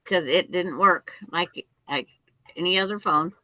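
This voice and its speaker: A woman's voice: fairly low pitch, a little slow, bright, forceful tone, dry recording, poor audio. A woman chatting on a video call who argues her point insistently with many restarts. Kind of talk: casual chat.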